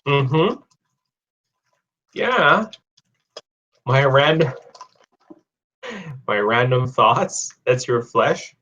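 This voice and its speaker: A man's voice: mid-range voice, sing-song, very slow, pauses often, bright, forceful tone, dull audio. A young man teaching English idioms in a live online lesson, reading out viewers' comments and joking with them in a chatty way. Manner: chatty, reads viewer comments aloud, jokes.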